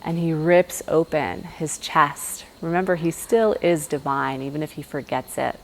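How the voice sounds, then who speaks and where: A woman yoga teacher tells a devotional legend to her class in a low, calm voice. She speaks slowly and softly, with fillers like um and you know. A faint hum of room ambience sits underneath. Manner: soft-spoken and unhurried, with fillers like um and you know. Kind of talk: storytelling during a guided yoga class.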